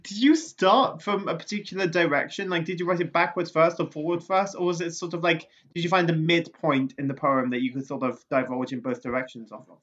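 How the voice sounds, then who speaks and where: A half-Dutch woman guest on a podcast, chatting casually with wry, deadpan jokes. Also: low-pitched, a little fast, few pauses, breathy edge. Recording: dull lo-fi sound.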